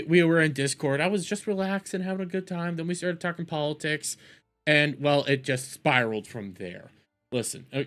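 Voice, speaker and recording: A man's voice: on the high side, a bit bright. A man hosting a live stream, ranting casually about politics in a rambling, profane way with many restarts.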